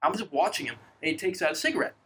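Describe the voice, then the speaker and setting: A man's voice: on the high side, animated, rapid-fire, fairly bright tone, slight background noise, low-quality recording. A young man telling a rambling story in casual chat as a podcast co-host, swearing freely.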